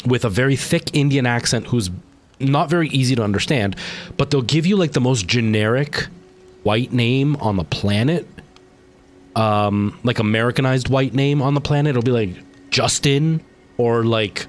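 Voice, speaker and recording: A man, streaming a game live, chatting casually and rambling to his viewers, sounding tired. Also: medium pitch. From Canada. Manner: rambling, chatty, talking to chat while playing. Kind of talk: casual gaming stream chat.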